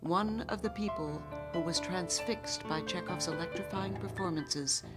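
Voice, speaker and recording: A woman narrating a documentary in a measured, formal way. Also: fairly low pitch, loud music behind the voice. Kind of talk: scripted narration.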